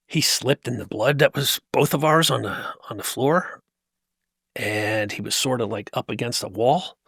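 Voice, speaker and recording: Speaking as an interview guest in a podcast tent set, the New Jersey-born motivational speaker recounts something personal in an emphatic, intense way and restarts frequently. His medium-pitched voice is creaky, bright, and forceful, captured in a dry, clean studio recording.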